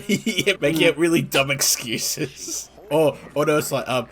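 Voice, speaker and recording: A man in a casual commentary chat, animated and quick to laugh. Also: a little high. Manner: animated, giggly.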